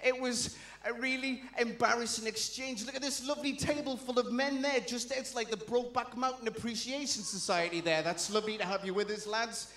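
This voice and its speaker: High bright Geordie comedian, echoey room. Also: male voice, fairly even intonation, brisk. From Newcastle, England. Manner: chatty, self-deprecating, banters with the crowd. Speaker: stand-up comedian. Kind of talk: stand-up comedy set. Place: live comedy venue.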